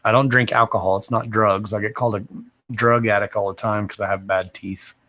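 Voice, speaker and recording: A man's voice: on the low side, steady tone, fairly quick, sharp tone. A man, mumbling as he chats casually and profanely on a livestream as a card reader. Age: 30s. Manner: profane, rambling and self-deprecating.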